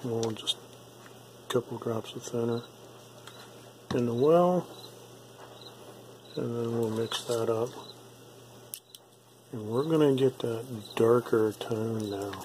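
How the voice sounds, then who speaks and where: A man giving a relaxed, step-by-step painting tutorial, repeating himself and checking in with "okay?" often. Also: medium pitch, slow, long pauses, a little hiss or hum, low-quality recording. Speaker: miniature painting instructor.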